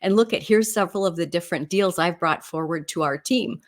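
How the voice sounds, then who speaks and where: A woman's voice: on the low side, a little fast. A middle-aged woman from the Midwest US, a real estate agent, teaching in a casual, chatty way and telling stories with frequent "right?" and "you know" asides.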